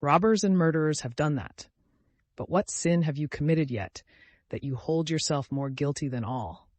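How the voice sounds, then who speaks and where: A man's voice: a little high, normal speed, a little mellow, no echo, natural voice. A man voicing an anxious, doting mother who pleads with worry, in an audiobook. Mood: pleading. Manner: pleading, worried. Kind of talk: audiobook character voice.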